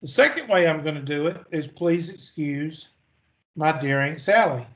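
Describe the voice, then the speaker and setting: Teaching math, this man uses a folksy, story-driven style in which he asks questions and answers them himself. His voice is slightly higher than usual and fairly bright, and he sounds animated at a normal pace. The sound quality is lo-fi.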